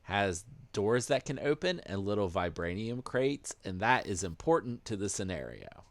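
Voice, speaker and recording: A man's voice: fairly low pitch, very animated, moderate pace, no echo. A man hosting a podcast, running through news in casual chat, explaining things hesitantly with plenty of fillers. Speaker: podcast host presenting news.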